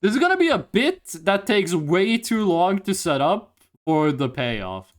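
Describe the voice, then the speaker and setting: A man streaming live, chatting casually with viewers, hyped and swearing, reading chat aloud in a voice he pitches higher on stream. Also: big pitch swings, unhurried.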